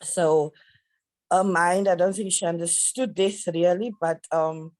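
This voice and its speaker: A middle-aged woman speaking haltingly and tearfully as a grieving mother, heard over a video call. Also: fairly low pitch, fairly even intonation, no room sound, poor audio. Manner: halting, tearful, soft-spoken. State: crying at times. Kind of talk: emotional conversation.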